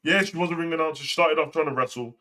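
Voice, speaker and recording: A man's voice: a little high, very fast, bright, forceful tone. A young man hosting a live wrestling talk show, ranting and swearing in casual slang. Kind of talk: casual live commentary and rant.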